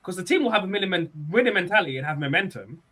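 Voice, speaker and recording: Fast, animated young male football host. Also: high-pitched, a little hiss or hum. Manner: excitable banter with street slang. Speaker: podcast host. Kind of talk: casual football chat on a livestream.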